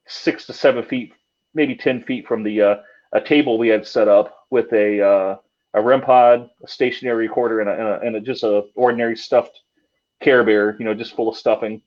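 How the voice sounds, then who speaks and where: A man, a paranormal investigator, telling a story casually, with many fillers and restarts. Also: fairly low pitch. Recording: dull lo-fi sound.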